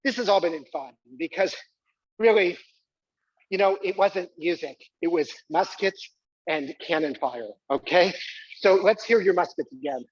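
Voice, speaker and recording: A man's voice: sits high, moderate pace, husky, no echo, highs cut off. A man performing a live comic monologue, coaxing the audience to join in and squealing with delight. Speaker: solo performer. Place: small live venue.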